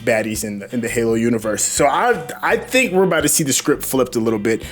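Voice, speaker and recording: A man hosting a casual TV episode review, talking in an animated, opinionated way and asking his co-host questions. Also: medium pitch, fast, soft background music. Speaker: show host reacting to a TV episode.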